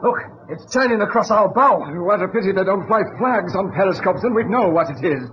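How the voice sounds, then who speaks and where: An actor playing an eager, nervous young British ship's officer in an old radio drama. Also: male voice, high voice, lively intonation, fairly quick, slight background noise. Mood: anxious. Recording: dull old radio broadcast.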